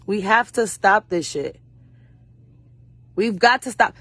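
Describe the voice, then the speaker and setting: Speaking slowly in a medium-pitched, fairly bright voice with lively intonation, a young woman shares personal stories as an interview guest. The actress is blunt and fierce, swears frequently, and imitates her mother and other people. There's no room sound.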